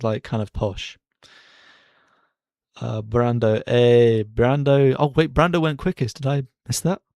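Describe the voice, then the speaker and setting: A man streaming casual live race commentary from his bedroom, chatty and excitable as he cheers drivers on. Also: mid-range voice, dry recording, clean studio sound. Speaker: streamer hosting a racing watchalong. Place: bedroom at home.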